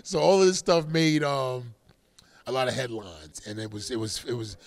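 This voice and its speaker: A middle-aged man with a gravelly, rough edge to his mid-pitched voice. He tells stories in a loose, animated way, laughing often. Every so often he breaks into a loud, shouted catchphrase. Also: moderate pace. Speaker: boxer, interview guest. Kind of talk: casual interview storytelling.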